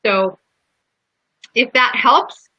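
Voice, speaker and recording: A woman's voice: a little high, very slow, no echo. A woman guest on a podcast, earnestly telling a personal story in a heartfelt way, with restarts. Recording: dull lo-fi podcast audio.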